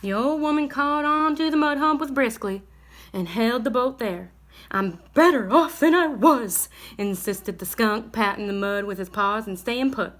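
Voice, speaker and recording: A woman reading a bedtime story aloud in a gentle, expressive way. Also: a little high, moderate pace.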